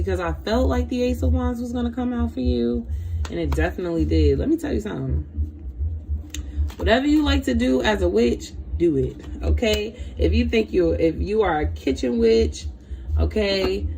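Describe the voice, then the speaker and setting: Female tarot reader, gravelly voice, lively slangy delivery with frequent laughs and repeated phrases. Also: mid-range voice, slight background noise. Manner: animated, slangy, laughs often, repeats herself. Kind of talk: live tarot reading stream.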